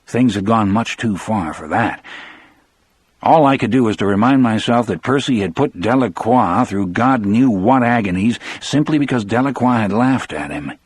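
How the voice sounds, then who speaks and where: A man narrates in the first person with a low, husky voice. His pitch moves a lot as he tells the story, and the read is dry and close. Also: animated, moderate pace, no room sound. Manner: dramatic, storyteller delivery. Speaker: audiobook narrator.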